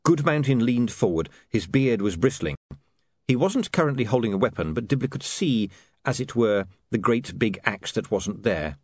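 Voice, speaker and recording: A man reading an audiobook in a dry, measured manner. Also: mid-range voice, big pitch swings, darkish tone, no echo. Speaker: narrator.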